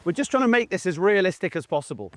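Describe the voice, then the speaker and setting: Male gundog trainer, slightly high voice, chatty field teaching with short commands to the dog, dry close sound outdoors. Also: sing-song, fast talker, fairly bright tone, no room sound. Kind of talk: instructional talk while working a dog in the field. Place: outdoors in a field beside a game crop.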